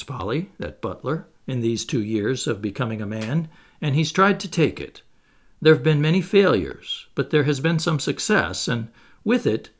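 A man reading aloud, voicing a proud, restrained former butler who speaks gravely and searches his own feelings. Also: fairly high pitch, fairly bright tone, full character voice. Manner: grave, measured, self-searching.

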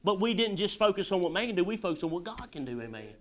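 A male pastor delivers a sermon. His voice sits high, and his folksy, emphatic delivery builds to shouts at times. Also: big pitch swings, fast.

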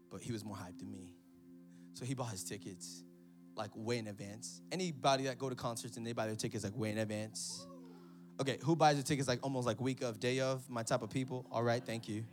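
A man preaching an energetic sermon in church, telling a story and calling out to the congregation. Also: medium pitch, quick pace, faint music behind. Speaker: pastor.

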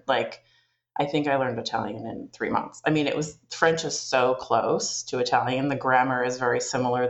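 A woman's voice: extremely low pitch, lo-fi sound. A Canadian woman chatting in an interview, rambling through stories with lots of fillers and restarts. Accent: Canadian English. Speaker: interview guest. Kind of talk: casual storytelling interview.

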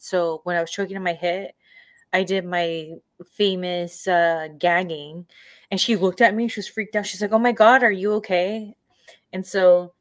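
A woman co-hosting a casual podcast, chatting and telling a story with frequent laughs. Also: on the low side. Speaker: podcast co-host. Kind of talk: casual chat.

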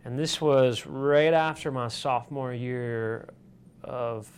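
Brief: man from Michigan, mid-pitched guest, loose rambling storyteller. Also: slow pace, clear, resonant tone. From Michigan, USA. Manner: rambling, with filler words and restarts. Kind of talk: casual storytelling.

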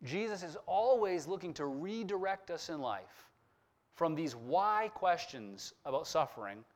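Man preaching with lively, rising pitch. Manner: expressive preaching, slowing down on scripture quotes. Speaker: pastor. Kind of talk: sermon.

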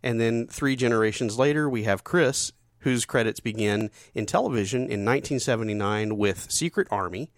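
A man's voice: medium pitch, moderate pace, few pauses, dry recording. Man, podcast co-host, jokey casual trivia talk, dry close sound. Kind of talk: casual chat.

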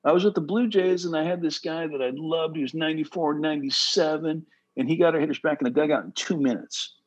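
A man who played pro baseball giving casual, animated advice to pitchers, full of "bro" and "right?". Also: fast, husky, muffled recording. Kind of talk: casual coaching talk.

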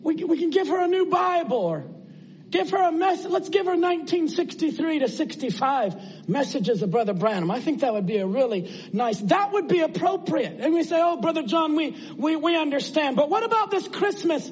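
A man's voice: very high voice, expressive, moderate pace, highs cut off. A man preaching a sermon in an earnest, conversational way, asking his listeners rhetorical questions.

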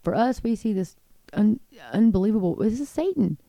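A woman's voice: medium pitch, lively intonation, normal speed, gravelly, warm tone, dry recording. A middle-aged woman giving impassioned Christian commentary on the news, reading quotes aloud and breaking in with indignant asides.

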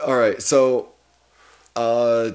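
A man's voice: medium pitch, level tone, extremely slow, a little mellow. Male podcast co-host, casual and profane, easygoing movie-chat delivery. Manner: profane, laid-back, laughs often.

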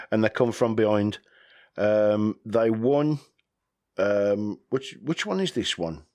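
A man's voice: on the low side, takes it slowly. A man hosting a podcast, rambling casually, swearing freely and chuckling often. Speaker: podcast host.

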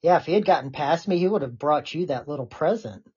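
A woman's voice: low voice, lively intonation, quick pace, muffled recording, crowd noise. A woman hosting a casual chat podcast, laid-back and laughing often. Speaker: podcast host.

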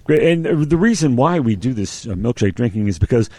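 Animated, joking male podcast co-host. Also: mid-range voice, fairly quick. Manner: joking, meandering, lots of fillers. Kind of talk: casual chat.

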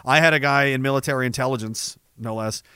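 A man's voice: mid-range voice, quick pace, pushed and bright, clear, resonant tone, dry recording, clean studio sound. A man, hosting a livestream and reading out viewer messages in a rambling, profane and sardonic way. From Canada. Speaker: livestream host.

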